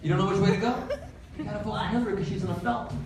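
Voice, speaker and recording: A man's voice: sits high, steady tone, very fast, loud music behind the voice. A man doing improvised stand-up crowd work, teasing the audience with brash, profane jokes and frequent laughter. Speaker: stand-up comedian. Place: comedy club stage. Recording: echoey club, distant, loud crowd. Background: audience laughter and chatter.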